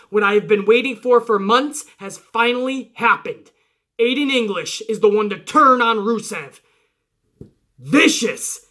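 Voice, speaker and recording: A man hosting a wrestling review show, recapping matches in an excited, casual way, swearing often and acting out quotes. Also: very high voice.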